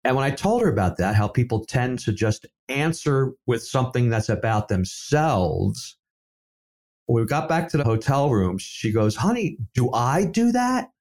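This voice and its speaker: A man's voice: medium pitch, moderate pace. A middle-aged man, a safety professional, telling stories in a conversational interview and acting out the dialogue he quotes. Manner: animated storyteller, acts out quoted dialogue. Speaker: safety professional and seminar speaker.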